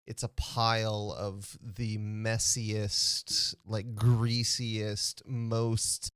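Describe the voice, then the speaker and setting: Game master, man, relaxed and halting; low smooth voice. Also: no room sound, clean studio sound. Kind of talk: narrating a tabletop game.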